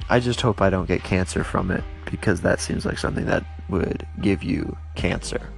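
A young man casually telling stories to his viewers, rambling with lots of fillers and restarts and livening up when he reacts. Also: lowish voice. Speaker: vlogger. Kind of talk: casual storytelling to camera.

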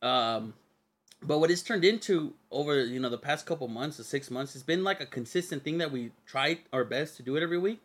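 A man's voice: on the high side, brisk, fairly bright tone. A young man co-hosting a podcast in casual chat, joking and swearing freely. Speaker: podcast co-host.

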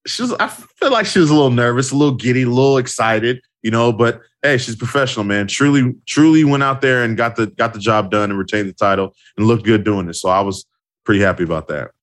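A man's voice: medium pitch, quick pace. A man co-hosting a casual podcast, agreeing readily and driving his points home by repeating them. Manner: emphatic, agreeable, repeats for emphasis. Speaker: podcast co-host. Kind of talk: casual wrestling podcast chat.

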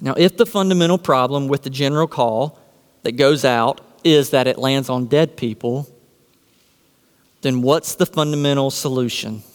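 A man's voice: medium pitch, moderate pace, smooth, long reverb tail. A man preaching a sermon from the pulpit, posing rhetorical questions and answering them with emphasis. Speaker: pastor.

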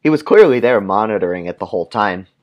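A man on a podcast reading a dark comic story in a deadpan way and chatting with chuckling asides. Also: on the low side, fast talker.

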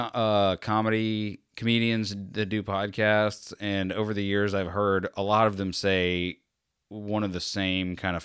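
Low-voiced man rambling through a podcast. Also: fairly bright tone, smooth, dry recording, studio quality. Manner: rambling and self-deprecating. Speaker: podcast host. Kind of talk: casual solo monologue.

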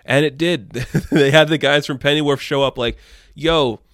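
A man's voice: a little high, fairly even intonation, moderate pace, fairly bright tone, clear, resonant tone, no echo, clean studio sound. A man giving casual, opinionated comic book news commentary, rambling a little and laughing often. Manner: rambling asides. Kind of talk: casual pop-culture commentary.

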